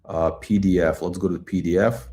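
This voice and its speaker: A middle-aged man hosting a live stock chat, talking in an excitable, blunt, repetitive way and swearing now and then. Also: deep voice, a little fast. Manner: excitable hype, blunt, swears, repeats himself. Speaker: stock channel host. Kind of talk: livestream stock chat reading chat questions.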